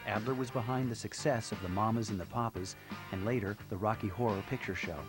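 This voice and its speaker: A man reading scripted documentary narration in a measured, storytelling way. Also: lowish voice. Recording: narration over loud music.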